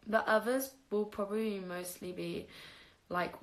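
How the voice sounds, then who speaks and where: A young woman talks casually to her viewers on a phone livestream, spinning stories about her own life. She laughs often and swears freely. Her voice sits at a middle pitch with a gravelly, creaky texture. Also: animated, a little slow, a bit bright.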